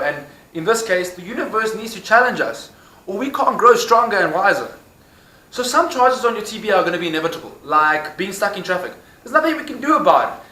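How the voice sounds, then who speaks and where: A man's voice: high voice, a bit bright, roomy sound, rough recording. A young South African man giving a scripted motivational talk with jokey asides to his viewers. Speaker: motivational vlogger.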